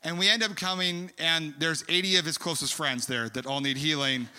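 Animated preacher in a big echoing hall. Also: male voice, a little high, moderate pace, clear, resonant tone. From California. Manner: animated, rambling storyteller with many fillers. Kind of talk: storytelling sermon. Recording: long hall reverb.

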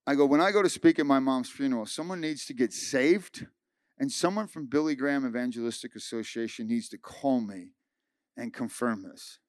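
A man pastor giving a sermon, telling a personal story with lively acted-out dialogue. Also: mid-range voice, normal speed, no room sound, clean studio sound. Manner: animated storytelling, acting out dialogue. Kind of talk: sermon testimony.

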